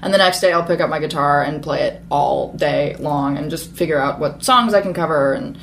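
A woman in her twenties chatting casually as a podcast guest, bubbly and quick, jumping high for quoted asides. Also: creaky, slight background noise. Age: 20s. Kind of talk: casual chat.

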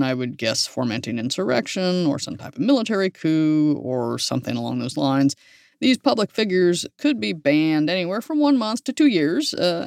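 A man's voice: a little high, no room sound. Dry-voiced man recapping tech news. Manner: wry, rambling news rundown with fillers. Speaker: podcast co-host. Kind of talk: casual tech news chat.

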